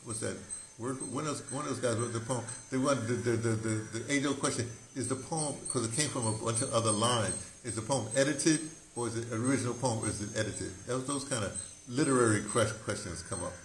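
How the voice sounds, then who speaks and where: A man, a poet, explaining his own poem while thinking aloud, halting and correcting himself often. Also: mid-range voice, a little hiss or hum. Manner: musing, self-correcting.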